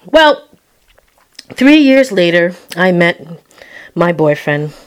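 A woman telling a personal story, expressive and acting out her own quoted words with sudden jumps in pitch and loudness. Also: slow, clean tone. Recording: roomy echo.

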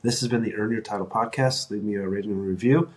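A man's voice: on the low side, steady tone, fast talker. A middle-aged man hosting a solo podcast, talking earnestly and encouragingly, often restarting his sentences. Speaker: podcast host.

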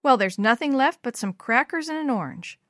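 A woman reading a storybook aloud, voicing a gruff, lonely old judge who speaks curtly and grudgingly. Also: high-pitched, animated, a little fast, a bit bright, no echo, studio quality, voice pushed up. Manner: curt, grudging.

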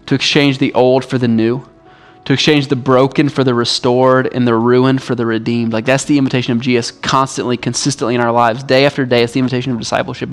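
A male pastor delivering a sermon in a relaxed, conversational way, often dropping in "like" as he speaks. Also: mid-range voice. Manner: casual, conversational preaching with frequent "like".

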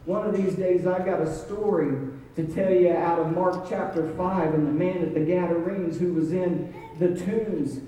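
High-pitched guy preaching in a church, dramatic storytelling, lots of room echo, mic kinda far. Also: warm tone. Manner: dramatic storytelling, voice rising and falling. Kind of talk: sermon. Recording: echoey hall, mic far off.

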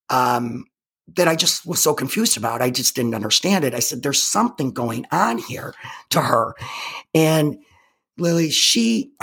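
A woman's voice: extremely low pitch, fairly bright tone, husky. A woman telling a personal story as an interview guest, emphatic and intense, often stopping to restart her words. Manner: halting, with frequent repeated restarts.

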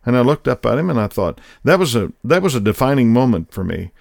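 A man's voice: medium pitch, sing-song, fast, gravelly, a little mellow, no echo, clean studio sound. A middle-aged man hosting a podcast, telling a personal story in a folksy, conversational way. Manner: folksy, conversational, acts out quoted voices. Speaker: podcast host.

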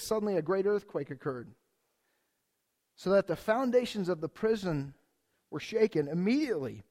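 A man preaching a sermon in a church, conversational and energetic, asking the congregation rhetorical questions. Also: sits high. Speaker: pastor.

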